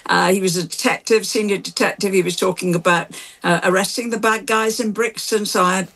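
An older woman speaking as a radio panel guest in a mid-range voice. She is frank and chatty, telling personal anecdotes and filling her pauses with "um" and "uh". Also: medium pitch, steady tone, fairly bright tone.

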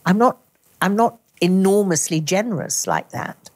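An older British actress and author with a Glasgow Scottish accent speaks as a guest in a conversational interview. Her medium-pitched, darkish voice is very animated, and she enunciates carefully, ending every word with a crisp, emphatic snap.

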